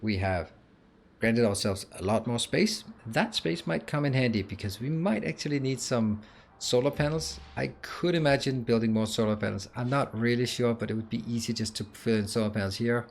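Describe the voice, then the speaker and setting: A man with a mid-range voice and vocal fry, speaking at normal speed, offers relaxed gameplay commentary as a gaming YouTuber. He has the hiccups and thinks aloud through the changes, full of fillers and restarts.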